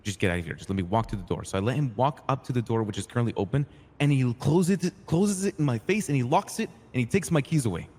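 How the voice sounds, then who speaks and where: A man playing a streetwise, hot-tempered crew boss in a roleplay game, retelling events in an animated way, acting out quoted lines and swearing freely. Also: medium pitch, fast talker, long reverb tail, close to an everyday voice. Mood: earnest. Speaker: roleplay character telling his side. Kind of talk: in-character storytelling in a roleplay game.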